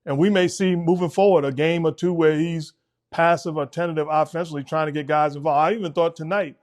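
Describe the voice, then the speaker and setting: Man, middle-aged, sports talk co-host, measured coach-like analysis, slightly high voice. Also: fairly even intonation, darkish tone. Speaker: podcast co-host, basketball analyst.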